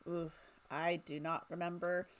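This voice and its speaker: A woman's voice: on the low side, flat delivery, a little slow. A woman running a tabletop game as game master, chatty and amused.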